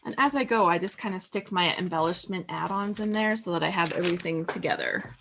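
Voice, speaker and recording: A woman's voice: lowish voice, fairly quick, vocal fry, background noise. A woman hosting a casual scrapbooking livestream, chatty and bubbly, laughing often and filling with "like.". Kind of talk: casual craft livestream chat.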